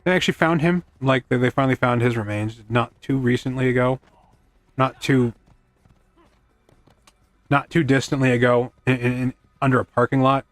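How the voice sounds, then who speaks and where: Male streamer, casual gameplay chatter, jokes at his own expense, middle pitch, dry close sound. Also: fairly even intonation, normal speed, long pauses, no room sound. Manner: rambling, self-deprecating quips, chats to his horse. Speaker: gaming streamer.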